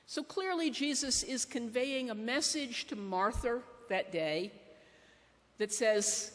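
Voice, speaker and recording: Slow-preaching woman pastor in reverberant church. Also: on the high side, expressive. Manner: measured, conversational preaching with fillers. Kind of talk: sermon. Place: church sanctuary.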